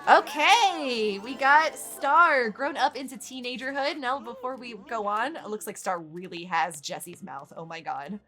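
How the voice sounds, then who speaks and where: A woman's voice: on the high side, unhurried, few pauses, bright, forceful tone. A woman hosting casual gameplay commentary, exasperated, swearing freely and laughing often. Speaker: gaming channel host.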